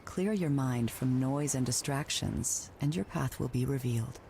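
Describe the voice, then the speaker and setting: A man's voice: medium pitch, normal speed, vocal fry, close to an everyday voice. Solemn meditative game narrator, a man. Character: calm, solemn guiding voice of a game. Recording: noisy game audio.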